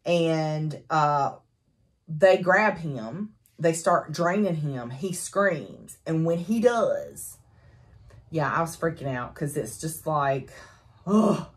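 A woman's voice: sits low, slow. Chatty woman recapping a book. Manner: chatty and animated, with fillers and laughs. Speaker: book reviewer.

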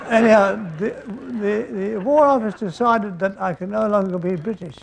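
An older man telling comic stories on stage in a rambling, deadpan way, with an audience laughing. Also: high voice, vocal fry, background noise. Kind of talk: stage storytelling.

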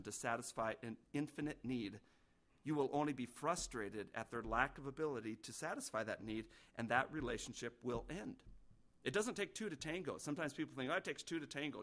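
A middle-aged male pastor preaching a sermon, earnest, with sudden rises in pitch and loudness.

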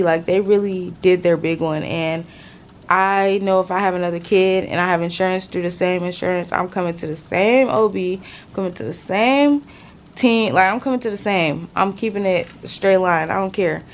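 A young woman vlogging casually to her viewers from a hospital room, tired and using relaxed slang. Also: on the low side, normal speed. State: exhausted. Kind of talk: casual talk to camera.

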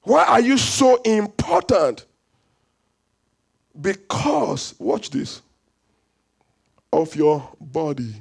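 High, gravelly-voiced preaching man. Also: sing-song, very slow, long pauses. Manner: fervent call-and-response preaching, repeating phrases, bursts of shouting. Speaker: pastor. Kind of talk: sermon. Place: church service.

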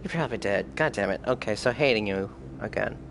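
A man's voice: on the low side, brisk, noisy background. A tipsy man streaming a game, rambling goofily and making silly noises. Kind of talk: live let's play commentary.

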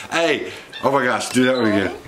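A man's voice: mid-range voice, lively intonation, unhurried. A man hosting a pet vlog, chatting playfully and coaxingly with his pet while opening mail at home. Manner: playful, coaxing, chuckles often. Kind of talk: casual chat with a pet while unboxing. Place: home living room. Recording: noisy home video.

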